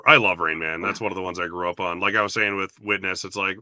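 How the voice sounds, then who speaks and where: Bright upbeat host, dry sound. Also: male voice, deep voice, steady tone, fast, no room sound. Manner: upbeat, laughs often. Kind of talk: casual livestream chat.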